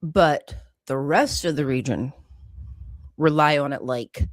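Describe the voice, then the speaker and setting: A woman co-hosting a podcast, chatting casually about the news and rising in pitch and volume when she stresses a point. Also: slow, no echo, studio quality. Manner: animated, swings up in pitch and loudness for emphasis. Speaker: podcast co-host. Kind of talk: casual political chat.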